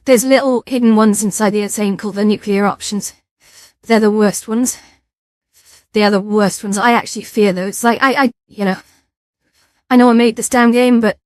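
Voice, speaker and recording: A woman's voice: medium pitch, darkish tone, no echo, clean studio sound. A woman streaming from a VR game, chatting casually with her viewers, self-mocking and lightly swearing. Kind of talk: casual live-stream chat.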